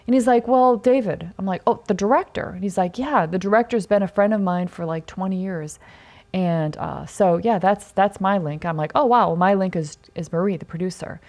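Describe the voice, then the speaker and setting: A woman hosting a podcast, telling a story casually in a chatty, animated way and acting out quoted dialogue. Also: mid-range voice, moderate pace. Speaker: podcast host.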